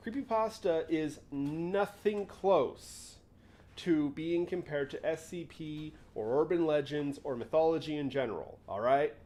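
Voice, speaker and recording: A young man hosting a casual livestream, his voice on the higher side and swinging widely in pitch. He rambles along, interrupting himself and riffing as he goes. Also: lively intonation, unhurried, a little mellow. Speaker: livestream host.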